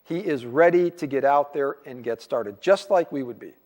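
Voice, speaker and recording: A man's voice: mid-range voice, lively intonation, normal speed, darkish tone. A man preaching a conversational sermon as pastor, acting out quoted voices as he goes. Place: church sanctuary. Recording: long church hall reverb.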